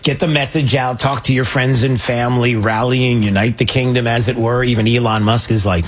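A man's voice: medium pitch, fairly even intonation, fairly quick, hardly any pauses. A man hosting a commentary show, rambling with lots of fillers and joking at himself. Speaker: show host. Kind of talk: casual news commentary.

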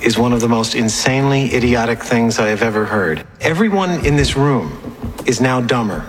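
A man's voice: medium pitch, expressive, moderate pace, in a large hall, a little hiss or hum, natural voice. An actor playing a stern, exasperated man who scolds someone with withering contempt, heard in a film clip. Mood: contemptuous.

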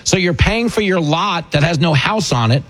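Man, middle-aged, radio talk host, sarcastic, mocking, slightly husky. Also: on the high side, expressive, a bit bright. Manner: mocking, rapid asides with mimicked voices. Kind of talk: sarcastic political radio commentary.

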